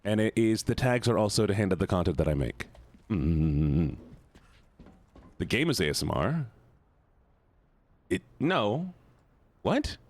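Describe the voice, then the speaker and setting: A man streaming a game live, excitable, swearing often and repeating words in quick bursts while he chats to viewers. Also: lowish voice. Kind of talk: live gameplay stream chat.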